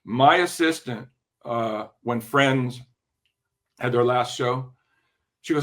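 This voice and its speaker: An older man talking as a podcast guest, telling long anecdotes with lots of restarts and the odd throat clear. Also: mid-range voice, slow, pauses often, fairly bright tone. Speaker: podcast guest, music industry veteran. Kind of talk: casual interview storytelling.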